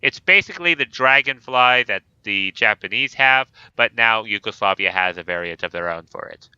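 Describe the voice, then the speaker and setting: A man with a very bright, sharp and smooth voice hosts a relaxed gaming chat. He talks in an easygoing, joking way. The sound is dull and lo-fi, with a dry, close mic. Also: on the low side, normal speed, no echo. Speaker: host.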